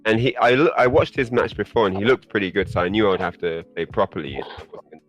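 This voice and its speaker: A man guest on a podcast, telling a story in a casual, animated way and laughing often. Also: fast, soft background music. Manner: animated, laughing, rising pitch when excited.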